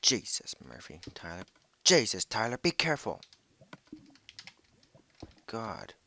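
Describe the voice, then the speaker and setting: A young man giving casual gameplay commentary from home on a headset mic, excitable, jumpy and swearing often. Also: sits low, slight background noise. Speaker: gaming video creator.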